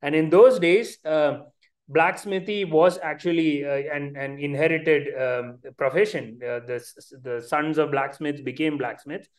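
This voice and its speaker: Hesitant Indian-accented lecturer on a call. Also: male voice, on the high side, fairly even intonation, a little slow. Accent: Indian English. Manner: hesitant, many fillers and restarts. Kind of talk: online science lecture. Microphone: video call.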